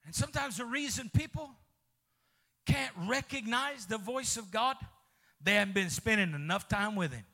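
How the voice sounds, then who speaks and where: A man pastor, preaching a fervent sermon, calling out to the congregation, with sudden shouts and soft drops. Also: high-pitched, animated, normal speed, vocal fry. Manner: calls out to congregation.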